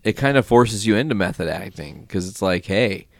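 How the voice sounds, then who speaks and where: A young man hosting a casual podcast chat, animated, joking and swearing freely. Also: fairly low pitch, moderate pace, no room sound, clean studio sound. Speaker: podcast host.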